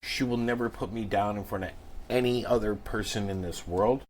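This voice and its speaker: A man's voice: lowish voice, steady tone, moderate pace. A man co-hosting a podcast, talking earnestly and emphatically in a candid conversation. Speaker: podcast co-host.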